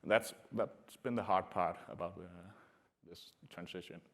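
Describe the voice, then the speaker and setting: A man giving a technical conference talk to a room, speaking in a halting way with many filler sounds. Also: sits low, gravelly, a bit bright. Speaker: conference presenter.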